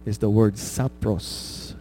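A man's voice: on the low side, steady tone, slow pace, warm tone, slight background noise, rough recording. Conversational man preaching a sermon. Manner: conversational preaching with frequent "right?" tags; laughs at his own anecdotes. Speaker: pastor.

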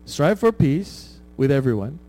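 A man's voice: fairly high pitch, very animated, measured pace, warm tone, rough recording. A man preaching a conversational sermon, checking in with his listeners with "right?" and laughing at his own stories. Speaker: pastor.

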